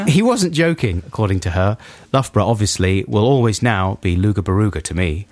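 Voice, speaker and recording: Radio host, man, jokey and rambling, lively pitch, dry studio sound. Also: normal speed, dry recording. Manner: jokey, rambling, self-mocking. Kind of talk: casual studio banter.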